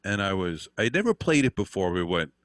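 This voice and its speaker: An older man with an extremely deep voice rambles through stories from his teaching years. He swears now and then, circles back, and fills gaps with "uh" and "you know." The sound is dry and close. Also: big pitch swings, brisk, no echo. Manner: rambling anecdotes with frequent fillers and swearing. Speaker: interview guest, guitar teacher. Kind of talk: casual storytelling.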